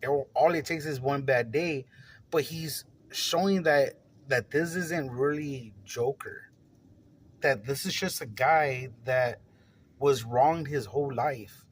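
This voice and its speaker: A man's voice: medium pitch, slow, slight background noise, low-quality recording. A man giving a casual, rambling film review, with many fillers and restarts, frequent laughs and plenty of swearing. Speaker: movie reviewer.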